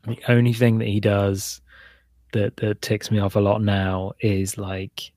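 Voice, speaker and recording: A man's voice: flat delivery, unhurried, a little mellow, no echo, clean studio sound. A man in his forties co-hosting a podcast, chatting loosely about parenting and acting out the lines of the people in his stories. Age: 40s. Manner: rambling, acts out his son's and his own lines in a higher voice. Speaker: podcast co-host.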